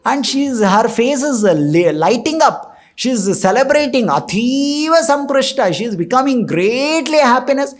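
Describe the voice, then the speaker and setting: A man teaching scripture, reciting Sanskrit verses and explaining them with lively storytelling. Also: extremely high pitch, measured pace, hardly any pauses. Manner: animated storytelling with fillers. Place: temple hall.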